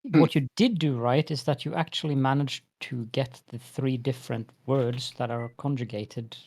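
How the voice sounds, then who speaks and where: A man's voice: medium pitch, steady tone, normal speed, vocal fry, a little mellow, no room sound. A man from Norway, chatting dryly and patiently in a game voice chat. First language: Norwegian. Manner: dry, patient, coaching pronunciation. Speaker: guest in voice chat. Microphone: voice chat mic.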